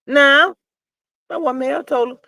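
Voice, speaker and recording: A woman hosting a casual gossip livestream, reading the chat and talking bluntly and sassily, with loud outbursts and low mutters. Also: lively intonation, moderate pace, dry recording. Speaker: livestream host.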